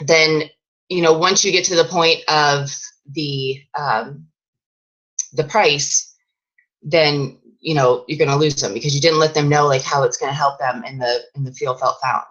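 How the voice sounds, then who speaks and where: A woman's voice: sits low, a bit bright, lo-fi sound. A woman fitness coach giving a casual, chatty training talk to her sales team, with plenty of fillers and restarts.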